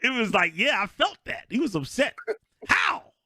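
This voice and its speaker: A man's voice: very high-pitched, normal speed, slightly rough, no echo, clean studio sound. A man co-hosting a podcast in casual sports chat, telling stories with lots of laughter and acting out what people said. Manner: animated storyteller, laughs often, acts out quotes. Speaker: podcast co-host.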